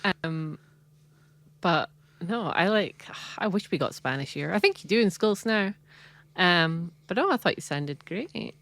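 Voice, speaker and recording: A woman's voice: lowish voice, animated, unhurried, fairly bright tone, dry recording. A woman co-hosting a podcast, chatting casually and laughing often, with many restarts. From Britain. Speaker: podcast co-host. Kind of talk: casual chat.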